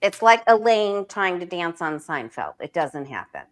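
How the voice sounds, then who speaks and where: A woman's voice: lowish voice, sing-song, moderate pace. A woman co-hosting a tarot chat, adding wry, chatty comments in a casual conversation. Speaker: guest co-host.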